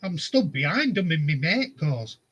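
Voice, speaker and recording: High-voiced man spinning yarns. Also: sing-song, moderate pace, fairly bright tone, husky, dull audio. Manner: rambling anecdotes, chuckling often. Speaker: vlogger. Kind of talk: casual storytelling.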